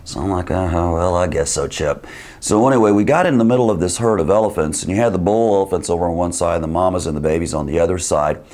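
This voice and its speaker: A man telling a rambling, lively anecdote in casual speech, acting out quoted dialogue. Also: deep voice, rapid-fire, few pauses.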